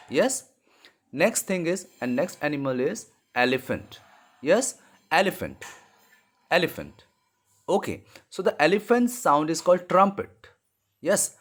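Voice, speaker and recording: A man with an Indian English accent teaching English to young children, explaining slowly and repeating words, often switching into Hindi. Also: on the high side. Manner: slow, repetitive explaining, mixing in Hindi; apologises and corrects himself mid-lesson. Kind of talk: online classroom lesson for young children.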